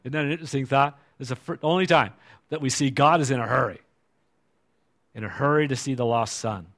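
A man's voice: medium pitch, a little fast, a bit bright. Man preaching a conversational sermon. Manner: conversational, asks the congregation rhetorical questions.

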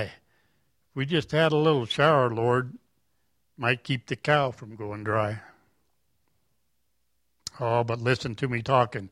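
A man's voice: mid-range voice, fairly bright tone, dry recording, lightly acted. Humble old farmer, read by a man, folksy, plain-spoken, dry close sound. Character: humble old male farmer praying to God.

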